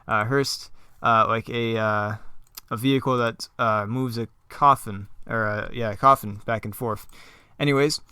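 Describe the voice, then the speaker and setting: A man's voice: mid-range voice, fairly even intonation, measured pace, sharp tone, smooth, dry recording, studio quality. A man reading his own play script aloud, rambling casually with many fillers and asides.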